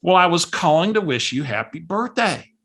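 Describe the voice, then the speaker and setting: A woman's voice: on the low side, big pitch swings, moderate pace, fairly bright tone, slightly rough, pitched above the performer's own voice, exaggerated voice. A man imitating a cheery, chatty woman caller who makes bubbly, friendly small talk.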